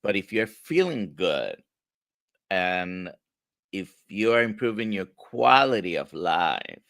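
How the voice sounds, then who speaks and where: Low, slow man with a Spanish accent. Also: very animated, gravelly, fairly bright tone, no echo, studio quality. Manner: halting, repeats words. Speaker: host. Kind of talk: livestream interview.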